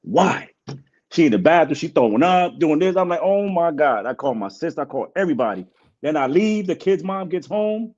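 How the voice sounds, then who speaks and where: A man telling a story in casual panel chat, animated and full of repeated words. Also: on the high side, brisk, lo-fi sound. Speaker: podcast panelist, girl dad.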